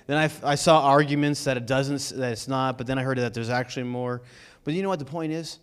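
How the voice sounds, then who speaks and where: A man preaching a sermon in a conversational, energetic way, asking the congregation rhetorical questions. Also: medium pitch, fairly quick, clear, resonant tone. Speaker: pastor.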